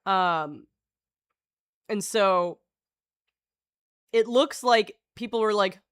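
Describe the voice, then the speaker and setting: A woman's voice: medium pitch, very slow, clear, resonant tone, dry recording, clean studio sound. Rambling, swearing woman streamer. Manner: rambling, swears freely, chuckles, talks to her chat. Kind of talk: casual live-stream chat, reading aloud.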